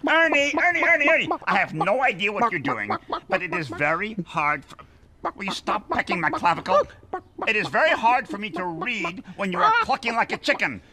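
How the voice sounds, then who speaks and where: A man's voice: high-pitched, big pitch swings, fairly quick, a crowd in the background. A man voicing a fussy, bookish male puppet who speaks in a prim, exasperated, formal way. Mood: irritated. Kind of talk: children's TV puppet comedy.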